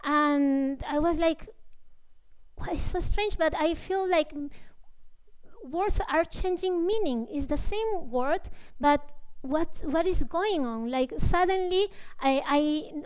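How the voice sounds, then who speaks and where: A woman's voice: sits high, a little mellow, rough recording. A woman talking casually at a public talk, searching for words with many fillers and restarts, often ending on "no?". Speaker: composer speaking at a public talk. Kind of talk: casual spoken talk, answering questions.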